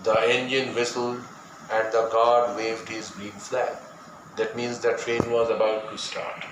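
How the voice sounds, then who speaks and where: Indian english teacher guy going through a story, explains words one by one, roomy sound with noise behind. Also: lowish voice. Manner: explains words, switching into Bengali. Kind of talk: classroom lesson explaining a story. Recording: echoey room with background noise.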